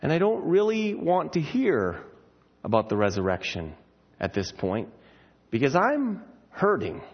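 Man playing a grieving woman, quiet and hurt, husky tone. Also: on the high side, wildly swooping pitch, a little slow, highs cut off, heavily acted.

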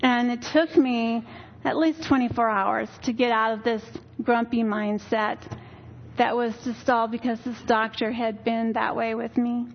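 An older woman speaks in a slightly high voice, sharing a weary, earnest testimony with a church gathering. She tells her story candidly and plainly. The recording sounds dull and lo-fi. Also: level tone, unhurried, slight background noise. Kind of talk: personal testimony talk.

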